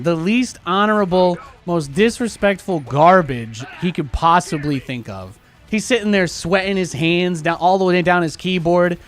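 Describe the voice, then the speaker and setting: A man's voice: high-pitched, moderate pace, faint music behind. Sarcastic male game streamer. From New York City. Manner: sarcastic, ranting asides with swearing. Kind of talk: casual live-stream chat.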